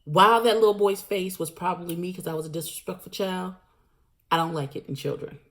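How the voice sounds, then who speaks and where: A woman vlogger recapping a show in a blunt, animated, slangy storytelling manner. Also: on the low side, a little fast. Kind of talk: casual recap monologue.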